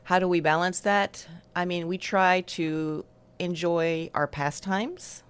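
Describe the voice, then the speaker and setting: A low-pitched woman guest on a podcast, raised between the United States and France. She explains things in a casual, friendly and patient way. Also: fairly even intonation, slow, smooth. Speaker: bakery co-owner, guest. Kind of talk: interview answers.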